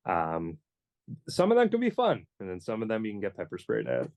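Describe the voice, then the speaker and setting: A man's voice: lowish voice, huge pitch swings, fairly quick, a little mellow. A man in a band chatting on a podcast, rambling with many "you know"s and dry jokes. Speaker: band member, guest. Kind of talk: casual podcast chat.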